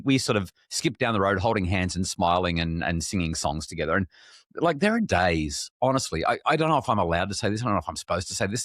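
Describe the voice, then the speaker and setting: A middle-aged Australian man with a very deep voice, talking frankly as a podcast guest. He stumbles and restarts often, then jumps up in pitch when something amuses him. The sound is dry and close, with no room around it. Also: no room sound. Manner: candid and animated, frequent restarts and stammers. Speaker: parenting expert guest. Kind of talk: podcast conversation.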